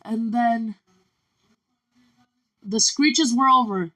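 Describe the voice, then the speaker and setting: A woman's voice: mid-range voice, steady tone, slow pace, long pauses, a bit bright, poor audio. A woman telling a rambling personal story in a vlog, chaining each event with "and then". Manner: strings events together with repeated "and then". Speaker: vlogger.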